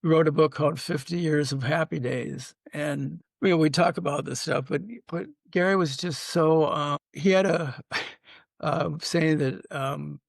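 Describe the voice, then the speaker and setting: Older guy guest on a podcast, gravelly, kinda high voice, dry close mic, rambles his stories. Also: fairly even intonation, measured pace, no echo. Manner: rambling anecdotes with many fillers and restarts. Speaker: sitcom writer and producer, guest. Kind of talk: casual interview storytelling.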